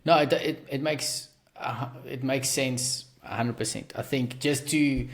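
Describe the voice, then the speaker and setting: A South African man hosts a casual podcast, his mid-range voice holding a steady tone at a measured pace. He rambles and pokes fun at himself, restarting his sentences again and again.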